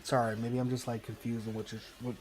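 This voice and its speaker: A man's voice: mid-range voice, flat delivery, quick pace, a little mellow. A man in a casual voice chat debate, asking questions hesitantly and pushing back. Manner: questioning, hesitant, asks for clarification. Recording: faint background noise on a voice call.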